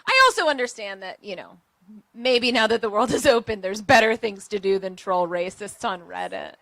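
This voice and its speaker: A woman hosting a live storytelling event, speaking with lively enthusiasm. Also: medium pitch, normal speed, creaky, dry recording.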